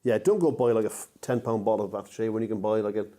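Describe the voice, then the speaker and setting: A man's voice: on the low side, warm tone, soft background music. A young adult man co-hosting a comedy podcast, cutting in with sarcastic quips. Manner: sarcastic, quick interjecting quips. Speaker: podcast co-host.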